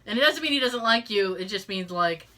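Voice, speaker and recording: A woman's voice: mid-range voice, lively intonation, fairly quick, sharp tone. A middle-aged woman hosting a podcast, telling a story in casual chat, swearing freely and laughing as she talks. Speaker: podcast host.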